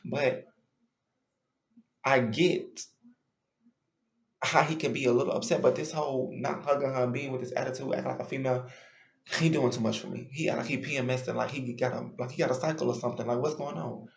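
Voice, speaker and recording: A man's voice: medium pitch, steady tone, a little fast, vocal fry, long pauses, echoey room. A man giving a chatty, opinionated and sassy recap of a reality show in casual commentary.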